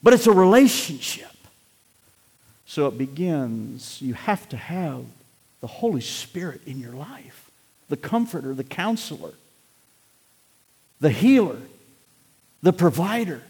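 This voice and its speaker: A man preaching a sermon, swinging between loud exhortation and hushed, near-whispered passages. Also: a little high, slightly rough. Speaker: pastor. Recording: long hall reverb.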